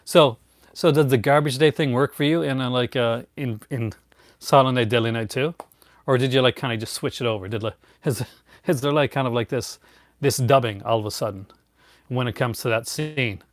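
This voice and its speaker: A man's voice: mid-range voice, normal speed, dry recording, studio quality. A middle-aged man hosting a casual live chat, rambling with many fillers and restarts and chuckling often. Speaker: host.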